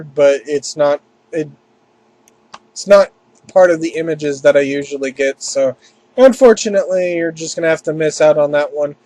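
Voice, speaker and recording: Man, high voice, rambling casual anime review, lots of restarts, dry close sound. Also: darkish tone, no echo, poor audio.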